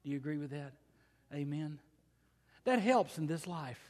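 Older preacher with a high voice. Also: male voice, expressive, a little mellow. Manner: folksy storytelling with slow emphatic pauses. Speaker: pastor. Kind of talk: sermon. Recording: long hall reverb.

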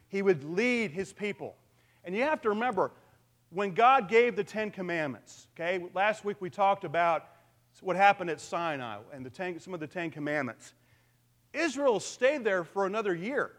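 A man's voice: high voice, fairly bright tone. A man pastor giving a conversational sermon, asking the congregation questions and using humor.

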